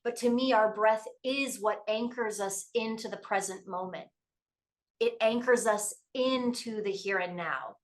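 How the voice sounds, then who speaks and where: Calm Canadian woman explaining yoga breathing. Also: a little high, a little slow. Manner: calm, explanatory, steady guidance with frequent affirming replies. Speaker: yoga teacher guest. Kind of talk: podcast conversation.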